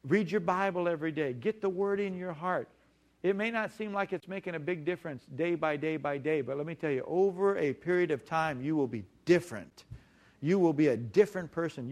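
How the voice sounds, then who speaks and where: A male pastor delivering a sermon in a voice sitting a touch above the usual male range. He hammers on key words, repeats them and slows right down on the phrases he wants to land. When he quotes other people, he drops into a lower, quieter tone.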